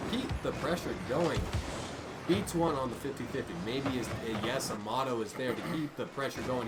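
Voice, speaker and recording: A man casting a video game match live, excitable and jokey, often trailing off mid-sentence. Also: medium pitch, a little fast, very noisy. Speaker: esports caster. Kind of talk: live play-by-play commentary.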